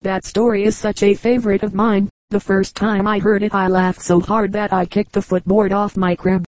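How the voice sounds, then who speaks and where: Casting: narrating woman doing a teasing old lady guest, mellow tone. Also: mid-range voice, flat delivery, moderate pace, no room sound, lightly acted, rough recording. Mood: sly. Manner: teasing, mock-innocent.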